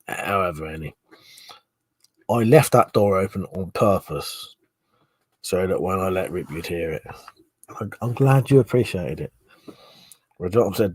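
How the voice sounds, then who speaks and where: Drunk man, husky low voice, dry sound, swearing, laughing, rambling live chat. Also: no echo. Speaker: livestream host. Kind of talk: casual live chat reading viewer comments.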